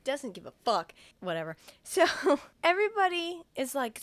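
A young woman in casual chat, retelling a movie scene by scene with plenty of laughter. When she quotes a character she breaks into sudden loud, high outbursts. The mic is close and dry. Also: moderate pace, hardly any pauses, no echo. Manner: animated, laughs often, acts out characters' lines in loud raised voices. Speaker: podcast co-host retelling a film.

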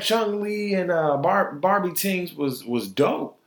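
A man hosting his own podcast, giving an opinionated, exasperated casual monologue. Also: slow. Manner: animated, exasperated, swings pitch up high in mock disbelief. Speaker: podcast host. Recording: echoey room.

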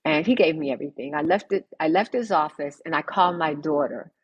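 A woman's voice: low voice, brisk, husky, dry recording, muffled recording. A woman sharing her personal story in a conversational interview, firm and direct, acting out the people in it. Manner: animated storyteller who acts out dialogue. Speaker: interview guest, cancer survivor.

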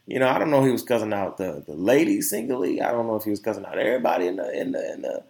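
A young man hosting a podcast, telling a story in a casual, animated opinion monologue full of slang and laughter. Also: fairly low pitch, rapid-fire, vocal fry. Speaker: podcast host.

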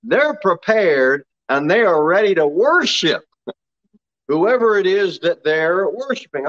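Male pastor, lively pitch swings, folksy sermon delivery, muffled lo-fi recording. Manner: folksy, laughing asides between scripture readings.

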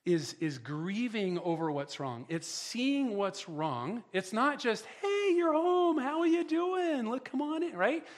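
A middle-aged man preaching a sermon as pastor, emphatic, often repeating words and asking the listeners "right?". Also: a little high.

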